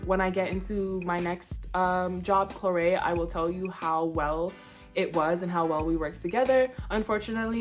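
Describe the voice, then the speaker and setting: A young woman telling a casual storytime vlog, blunt and slangy with an animated delivery. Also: lowish voice. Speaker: vlogger.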